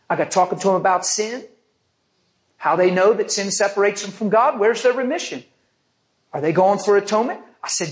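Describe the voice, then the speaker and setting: Male preacher telling a testimony story, animated, acts out everyone. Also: sits high, brisk. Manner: animated, vivid storyteller acting out others.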